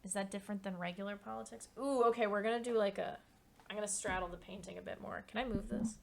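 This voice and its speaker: Young woman streamer, casual painting chat, candid rambler, gravelly fry in the voice. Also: mid-range voice, steady tone, fast talker.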